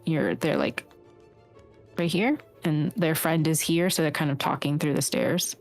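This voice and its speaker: A woman's voice: low-pitched, fairly even intonation, measured pace, creaky, faint music behind. A woman narrating a tabletop game as game master, rambling and hesitant with many fillers.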